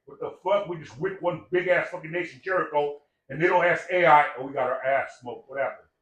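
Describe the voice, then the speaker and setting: A man's voice: fairly high pitch, a little fast, fairly bright tone, a little hiss or hum. A man telling a story in casual talk, profane, emphatic and rambling. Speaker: podcast guest. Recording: echoey room, distant mic.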